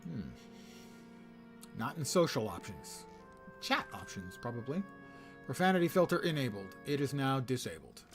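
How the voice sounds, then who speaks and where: A man's voice: mid-range voice, very animated, moderate pace, long pauses. Older male streamer with a mid-range voice, wry chatty commentary over faint game music. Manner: chatty, wry, muttering asides to chat. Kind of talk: casual gameplay commentary.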